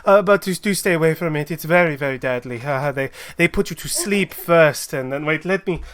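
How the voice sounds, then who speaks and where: A man's voice: fairly high pitch, a little fast, a bit bright, clear, resonant tone, close to an everyday voice. A man voicing a gushing eccentric florist lady. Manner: gushing, flustered, stammering. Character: eccentric gushing woman florist who keeps a deadly plant.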